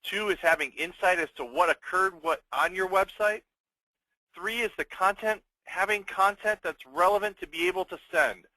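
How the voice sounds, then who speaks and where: A man hosts a sales webinar with a bright, somewhat high voice, recorded dry and close. He pitches in an upbeat way, firing off rhetorical questions and answering them himself, and checks in with the audience with a quick "okay?". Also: dry recording, poor audio. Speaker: webinar host.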